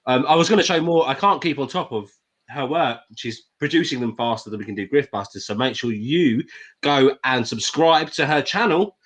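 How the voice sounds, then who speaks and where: A man's voice: mid-range voice, lively intonation, moderate pace, a bit bright. A man hosting a casual online show, rambling and repeating himself as he grows heated. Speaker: show host. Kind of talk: casual podcast chat.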